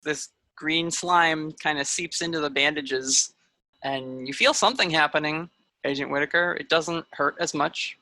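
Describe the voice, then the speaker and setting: Bright, dry-voiced game master narrating. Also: female voice, low-pitched, unhurried, no echo, rough recording. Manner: loose, filler-heavy narration.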